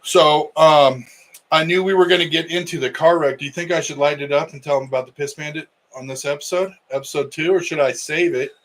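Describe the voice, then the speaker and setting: A man's voice: a little high, steady tone, a little fast, a bit bright, poor audio. A middle-aged man, a wrestling coach co-hosting a podcast, telling a story in casual chat and acting out the quotes.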